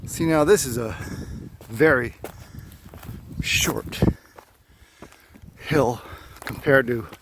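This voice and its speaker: Winded on a wooded outdoor trail, a hiking vlogger rambles to himself alone, adding dry, conversational asides. He speaks at medium pitch, drawing out his words and pausing often, against background noise.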